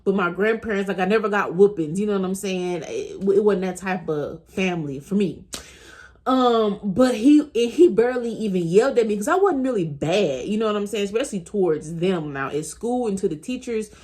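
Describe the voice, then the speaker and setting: A woman's voice: medium pitch, lively intonation, brisk, darkish tone. A woman in her thirties telling a personal story to her viewers in a casual, chatty way, often speaking straight to them and laughing as she goes. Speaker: vlogger.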